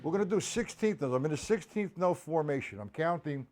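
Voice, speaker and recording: A man's voice: a little high, animated, a little fast, few pauses, a little mellow. A man teaching a live-streamed drum lesson in a casual way. He greets viewers by name and counts beats aloud. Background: drums and music.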